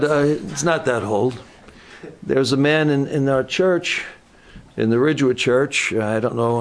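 A pastor with a mid-range voice delivers a sermon, telling stories in a relaxed, conversational style.

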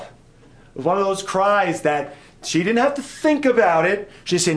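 A man preaching a sermon at a camp meeting, dramatic and full of questions to his listeners, swinging from loud cries to hushed whispers. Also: a little high, big pitch swings, measured pace, a little hiss or hum. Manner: asks the audience many questions.

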